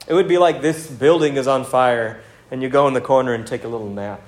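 A man's voice: medium pitch, a little fast. A man preaching a sermon, earnest and direct, asking the listeners pointed questions. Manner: earnest preaching with rhetorical questions and acted quotes. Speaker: pastor.

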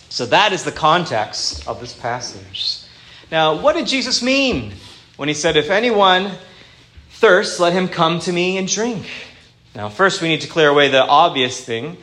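A man preaching a sermon in an earnest, plain-spoken way, slowing down to quote scripture. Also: a little high, expressive, fairly bright tone.

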